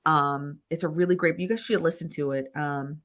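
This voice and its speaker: A woman's voice: deep voice, steady tone, moderate pace. A young woman hosting a casual livestream, chatting in a rambling, self-correcting way. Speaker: livestream host. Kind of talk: casual live-stream gossip chat.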